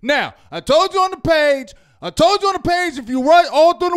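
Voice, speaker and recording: Guy with a really high voice going off about the game, loud and worked up, twang, yells sometimes. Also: expressive, fairly quick, hardly any pauses. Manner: loud, fired-up, repetitive, yells at times. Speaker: sports reaction show host. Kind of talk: heated fan rant.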